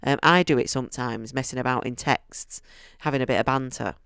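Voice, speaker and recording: A man's voice: medium pitch, fairly quick, vocal fry, a bit bright, clean tone, no echo, studio quality. A man giving a casual, enthusiastic book review, chatty and often restarting his sentences. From United Kingdom.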